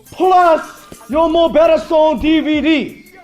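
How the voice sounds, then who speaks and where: Brief: young man with a Hawaii Pidgin accent, very high voice, goofy parody salesman patter, music under. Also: takes it slowly. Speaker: school broadcast student pitchman. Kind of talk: parody infomercial skit.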